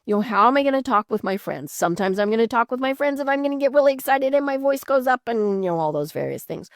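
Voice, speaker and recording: A woman's voice: a little high, animated, fast, no echo, studio quality. A woman hosting a podcast, chatting casually with frequent fillers, restarts and laughs. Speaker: podcast host. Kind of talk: casual interview chat.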